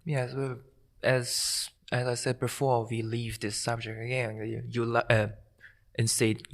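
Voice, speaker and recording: A man whose first language is Korean, a nervous course participant speaking in a halting, hesitant way in a casual interview. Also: medium pitch, level tone.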